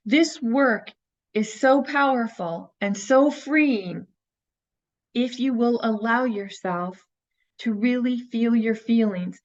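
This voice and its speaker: A woman's voice: fairly high pitch, takes it slowly, highs cut off. A woman teaching a recorded course, talking earnestly and coaching her listeners with rhetorical questions. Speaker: teacher of an inner-child healing course.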